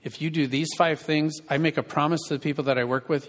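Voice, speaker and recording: A man's voice: a little high, fairly even intonation, quick pace. Male pastor, sermon, conversational, questions to the congregation, reverberant church hall. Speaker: pastor and marriage counselor.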